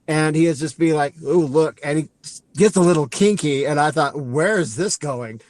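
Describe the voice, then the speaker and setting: His voice is on the high side and a little mellow, with no echo, as he co-hosts a podcast. He casually recaps a movie in a rambling fashion, acting out lines and adding quick asides.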